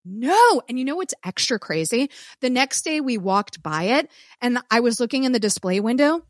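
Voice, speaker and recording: A woman co-hosting a podcast, telling a story in animated casual chat, cursing freely and acting out what people said. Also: a little high, moderate pace, no echo, studio quality. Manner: animated storyteller who swears and acts out quotes. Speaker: podcast co-host.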